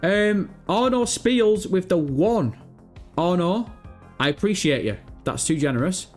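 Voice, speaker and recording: A man's voice: sits high, lively intonation, measured pace, a little mellow, soft background music. Chatty, swearing man streaming. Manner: chatty, swears freely, self-mocking. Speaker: livestream host. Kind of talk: casual livestream chat reading viewer messages.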